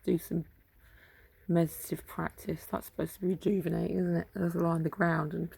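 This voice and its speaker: Tired woman in her 50s, very gravelly low voice, muttering to herself in the garden on her phone. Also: flat delivery, a little fast, a little mellow, no room sound. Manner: musing aloud to herself, drifting between topics, sometimes whispering. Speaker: vlogger. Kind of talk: rambling solo chat. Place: home garden outdoors.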